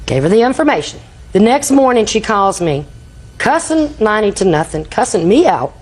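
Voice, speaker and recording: A woman's voice: medium pitch, very animated, moderate pace, a little mellow, breathy edge, rough recording. An older woman testifying in a TV courtroom, telling a rambling story and acting out quoted dialogue. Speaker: litigant.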